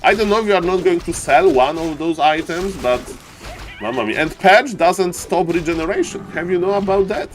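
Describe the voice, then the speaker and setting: Excitable man casting a live match. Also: sits high, normal speed. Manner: excitable, shouts at big plays, non-native English phrasing. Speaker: esports caster and streamer. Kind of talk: live game commentary on stream.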